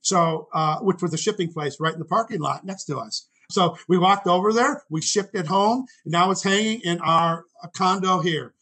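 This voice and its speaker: A man in his sixties with a high, bright voice spins a rambling personal story as a guest. He stops often to correct himself. He acts out the people he quotes. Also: moderate pace, hardly any pauses, rough recording. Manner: rambling, self-correcting anecdotes. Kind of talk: storytelling in conversation.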